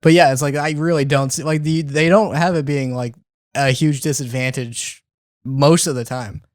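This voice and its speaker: A man co-hosting a podcast, talking casually and musing out loud with lots of fillers. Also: fairly high pitch, steady tone, moderate pace, no echo. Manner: dry, musing, full of "like" fillers. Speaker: podcast co-host. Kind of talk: casual chat.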